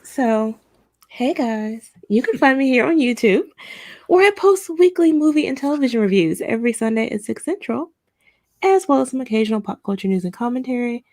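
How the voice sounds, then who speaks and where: Smooth, composed woman panelist. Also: a little high, lively intonation, brisk, darkish tone. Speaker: podcast panelist, YouTuber. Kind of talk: casual live-stream chat.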